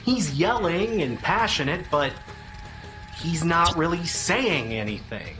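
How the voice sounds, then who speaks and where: A man's voice: fairly high pitch, animated, takes it slowly, music in the background. A man giving an opinionated, sarcastic review of a song, exasperated and crude in his wording. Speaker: music reviewer.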